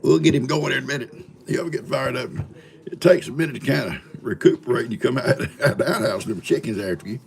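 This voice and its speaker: A man's voice: medium pitch, fairly quick, creaky. A man in his seventies hosting a live stream, telling folksy farm stories to his viewers and chuckling through them. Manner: folksy, chuckling yarn-spinner. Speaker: livestream host. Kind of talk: casual storytelling to live viewers.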